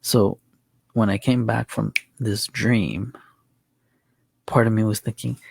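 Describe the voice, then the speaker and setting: A man's voice: lowish voice, fairly even intonation, slow, gravelly, darkish tone, husky. A man hosting a casual chat, rambling through a story with restarts and chuckles. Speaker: channel host.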